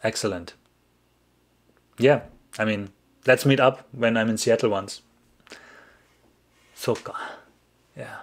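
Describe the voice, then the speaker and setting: A man's voice: fairly low pitch, slow pace, creaky, long pauses. Man chatting on livestream. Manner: rambling, self-interrupting, laughs often. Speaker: livestream host answering chat. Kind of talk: casual livestream chat.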